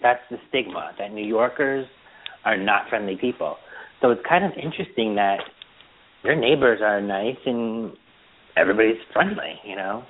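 A man's voice: fairly low pitch, moderate pace. A man hosting a podcast in casual chat, telling stories with lots of laughter. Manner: animated storyteller, laughs often. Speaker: podcast host. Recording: phone-like narrow band.

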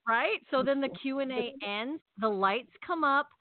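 A woman telling a long story in casual chat, animated and chatty, acting out her own lines. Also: high voice, a little slow, dry recording. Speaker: podcast co-host. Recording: tinny phone-like call audio.

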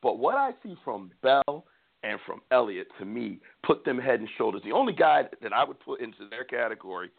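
A man with a gravelly, fry-heavy voice hosts a casual sports talk show. He talks in an animated, opinionated way and often repeats words before finishing a thought. The sound is thin and phone-like. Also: mid-range voice, brisk. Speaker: podcast host. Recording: tinny phone-like line.

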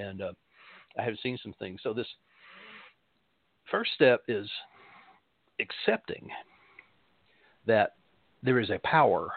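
Pastor guy rambling through a spiritual talk, rough husky voice, sounds like it's over the phone. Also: mid-range voice, sing-song, a little slow, pauses often, no echo, narrow, tinny audio. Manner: rambling, repeats phrases for emphasis. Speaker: pastor and show host.

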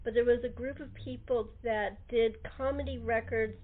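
A woman hosting a casual interview, chatty and quick to laugh along. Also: a little high, steady tone. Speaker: host. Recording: tinny phone line.

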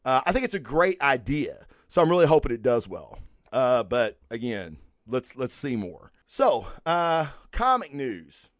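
A man's voice: mid-range voice, measured pace, no room sound, studio quality. A middle-aged man hosting a comic book vlog, ranting bluntly and swearing freely in casual commentary. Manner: blunt, animated, profane, ranting. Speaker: comic book vlogger host. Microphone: microphone and camera.

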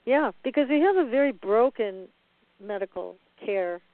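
Calm interview host, smooth clear voice, dry phone-line sound. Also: medium pitch, no room sound. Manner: measured, affirming. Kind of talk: interview questions.

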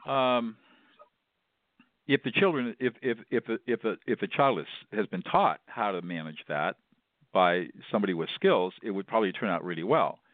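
A man's voice: low voice, dry recording. A man, a mediator being interviewed, explaining his method emphatically and often repeating words as he stresses a point. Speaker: mediator guest. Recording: dry, tinny phone-like line.

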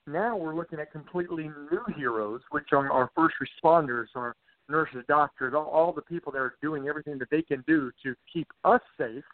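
A man's voice: fairly high pitch, fairly quick, no echo. Earnest man, actor guest on a tinny line. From Southern West Virginia. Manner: earnest and heartfelt. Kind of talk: podcast interview. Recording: tinny phone-like audio.

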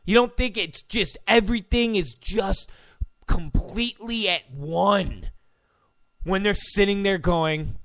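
A man's voice: sits high, slow pace, a bit bright, dry recording. A man hosting his own podcast, delivering a profane, combative and mocking rant. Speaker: podcast host. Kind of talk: ranting monologue.

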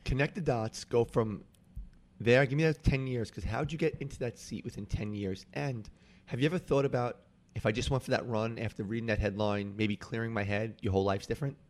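A man hosting a podcast interview who asks rapid follow-up questions. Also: medium pitch, steady tone. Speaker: podcast host.

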